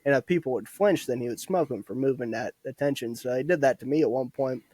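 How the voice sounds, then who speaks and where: Young man, twenties, casual army stories, frequent laughs, swearing, mid pitch, dry sound. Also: fast talker, a little mellow, slightly rough, dry recording. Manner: laughs often, swears freely. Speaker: podcast guest, former soldier. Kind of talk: casual storytelling.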